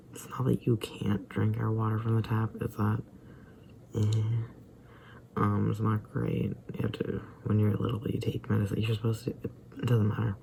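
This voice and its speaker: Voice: mid-range voice, creaky, mellow, a little hiss or hum, poor audio. A young adult vlogger who feels sick, rambling hesitantly and often slipping into a whisper. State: feeling sick and tired. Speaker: daily vlogger. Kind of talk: rambling personal vlog.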